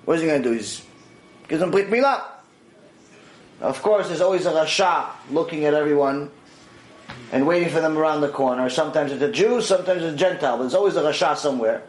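A man teaching a religious class, telling a story with lively delivery and acting out its dialogue. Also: on the high side, brisk. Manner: animated, acts out dialogue in quoted voices. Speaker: Torah teacher. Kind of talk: storytelling lecture. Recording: roomy echo.

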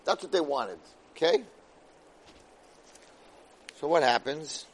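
High-voiced man teaching Torah dramatically. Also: expressive, slow pace, husky, poor audio. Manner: dramatic, swings loud and soft, weaves Hebrew verses into English. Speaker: Torah lecturer. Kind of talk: weekly Torah portion class.

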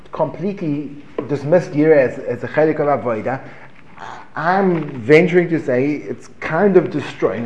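A man giving a lively Torah class, asking rhetorical questions, breaking off mid-phrase and chuckling as he teaches. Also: a little high, highs cut off. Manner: animated, rhetorical questions, self-interrupting and chuckling. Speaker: religious teacher. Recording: echoey room.

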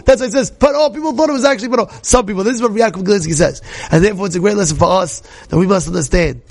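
Man, high-pitched Torah teacher, emphatic, quizzes his listeners with questions. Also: rapid-fire, hardly any pauses. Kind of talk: short recorded Torah lesson.

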